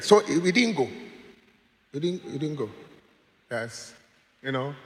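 A man preaching, telling stories in an animated way and laughing as he goes. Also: a little high, slow pace, long pauses. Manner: animated, laughs while telling stories, acts out quoted voices. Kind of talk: sermon with storytelling. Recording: long hall reverb.

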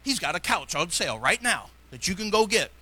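A middle-aged man preaching a sermon as pastor, fervent, shifting between loud exhortation and quiet asides. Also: high voice, sing-song, a little fast.

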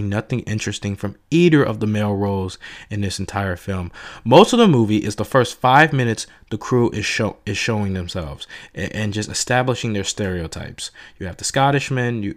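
A man giving a casual, exasperated movie review rant, animated and full of swearing. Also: mid-range voice.

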